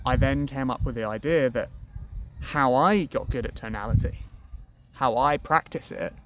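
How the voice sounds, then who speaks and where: A man giving sales-training advice to camera in a lively, colloquial, self-deprecating way. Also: medium pitch, normal speed, background noise.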